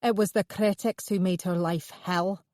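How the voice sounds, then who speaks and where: A woman's voice: fairly low pitch, fairly even intonation, unhurried, darkish tone, no room sound, clean studio sound, natural voice. A woman voicing a bitter, menacing male artist in an audiobook, congenial on the surface and snarling underneath.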